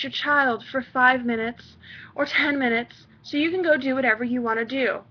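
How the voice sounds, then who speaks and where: A young woman with a high voice rants into her camera, exasperated and swearing often. The audio is dull and slightly muffled, like a cheap webcam mic. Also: normal speed. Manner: profane, exasperated ranting. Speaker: vlogger, mother. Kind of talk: ranting vlog monologue.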